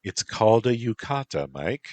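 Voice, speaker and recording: A man's voice: on the low side, sing-song, moderate pace, darkish tone, no echo, voice pushed up. A man voicing an imperious female yokai mistress who commands her servant. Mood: regal.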